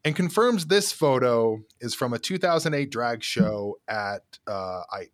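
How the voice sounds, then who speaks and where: A man's voice: medium pitch, a little slow. A man hosting a podcast segment, reading news items aloud and cracking jokes between them. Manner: lively, jokey, interjecting. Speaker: podcast host reading headlines. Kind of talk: casual political chat.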